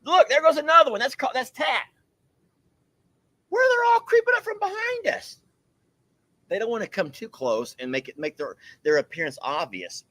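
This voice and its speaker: A man's voice: very high-pitched, wildly swooping pitch, normal speed, pauses often, bright, forceful tone, dry recording. A man hosting a casual livestream outdoors on a farm, chatty and teasing. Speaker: livestream host.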